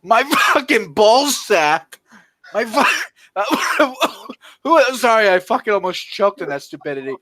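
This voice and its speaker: A man's voice: high voice, sing-song, slow, sharp tone, dry recording. A man in profane casual chat on a stream, telling crude, heated stories and laughing through his rants.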